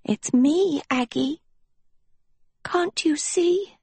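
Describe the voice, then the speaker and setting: A woman voicing a young witch girl turned withered hag, speaking in a soft, eerily sweet, pleading way. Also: sits high, extremely slow, creaky, no echo, voice pushed up, exaggerated voice.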